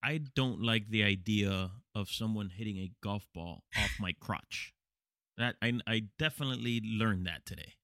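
A man's voice: lowish voice, normal speed, sharp tone, no echo, studio quality. A man co-hosting a podcast in casual chat, wry and playful. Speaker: podcast co-host.

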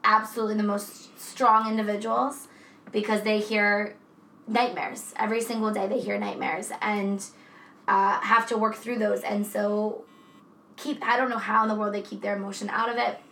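A woman's voice: mid-range voice, little pitch movement, moderate pace, fairly bright tone. A woman co-hosting a podcast in a casual, chatty way, swearing freely. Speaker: podcast co-host. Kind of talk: casual true-crime chat. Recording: echoey room with faint noise.

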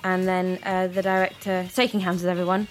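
A woman's voice: lowish voice, flat delivery, brisk, soft background music. A young woman telling anecdotes as a guest in a radio interview, chatty and self-deprecating, laughing often. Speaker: actress guest.

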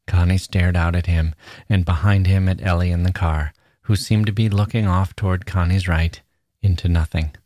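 A man hosting a podcast, reading a short story aloud in a measured, steady way. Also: deep voice, no echo, clean studio sound. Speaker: podcast host.

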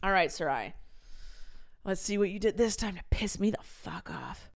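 A woman's voice: medium pitch, lively intonation, moderate pace, gravelly. A woman in her thirties hosting a podcast, chatting casually and reading her old diaries aloud, swearing freely and laughing at herself. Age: 30s. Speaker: podcast host.

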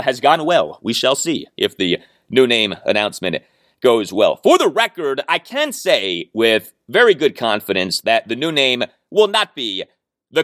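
A man's voice: medium pitch, a bit bright, no echo, studio quality. A man hosting a sports podcast, giving emphatic, opinionated commentary on his own. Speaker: podcast host.

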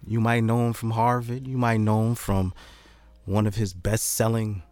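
A man hosting a podcast in a studio, talking loosely and joking, and rattling off plugs quickly. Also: on the low side, little pitch movement, darkish tone. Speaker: podcast host. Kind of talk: casual podcast chat. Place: recording studio.

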